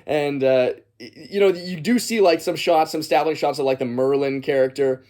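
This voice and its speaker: A man's voice: fairly high pitch, animated, normal speed, a little mellow. A man giving a casual, rambling movie commentary, often chuckling as he goes. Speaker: movie reviewer.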